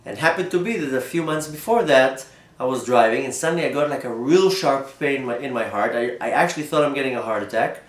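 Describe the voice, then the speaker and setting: A rabbi telling a personal story in an animated way, often repeating and restarting his words. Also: mid-range voice, fast, reverberant. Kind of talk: storytelling talk.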